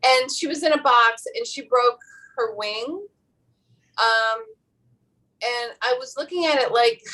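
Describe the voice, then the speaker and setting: A woman's voice: on the high side, measured pace, long pauses, bright, forceful tone. A woman guest on a video call, telling a meandering story in a casual interview chat. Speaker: nominated actress guest. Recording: distant from the mic.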